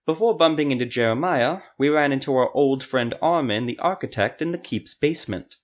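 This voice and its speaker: A man voicing a calm, smug male sorcerer in a fantasy audio story, speaking in a needling way. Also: medium pitch, brisk, dull audio, voice pushed up, close to an everyday voice.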